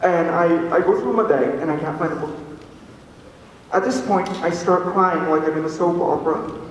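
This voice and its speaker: High-voiced teen boy in an echoey hall. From Alberta, Canada. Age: teens. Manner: earnest, halting, with many fillers and restarts. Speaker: student speaker. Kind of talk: personal story told to an audience. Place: large hall with an audience. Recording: echoey hall from far off, faint noise.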